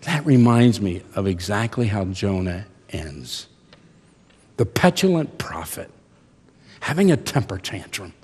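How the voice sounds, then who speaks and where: A man in his sixties, a seminary professor, preaching a chapel sermon with dramatic swings from hushed to loud. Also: fairly high pitch. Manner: slow, deliberate preaching. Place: large chapel hall. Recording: long reverb of a large hall.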